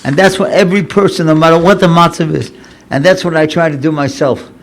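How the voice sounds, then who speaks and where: A man's voice: fairly high pitch, steady tone, fast. A man in his seventies, a rabbi giving an inspirational sermon in an earnest, conversational way, often repeating phrases for emphasis. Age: 70s. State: recovering from paralysis, slightly impaired speech. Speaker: rabbi and lecturer.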